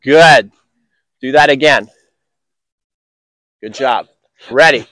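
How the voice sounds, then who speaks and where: A man's voice: mid-range voice, slow pace, fairly bright tone, no echo. A man coaching tennis on an outdoor court, upbeat and encouraging with enthusiastic praise.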